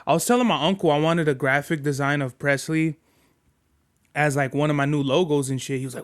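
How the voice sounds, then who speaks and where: A young man with a high voice riffs through his solo podcast, swearing freely and tacking "bruh" onto his sentences. His talk is loose and rambling, full of restarts and asides. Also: brisk. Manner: profane, rambling, slangy with frequent "bruh"; soft, cooing baby talk to his dog. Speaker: podcast host. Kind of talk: casual solo podcast chat.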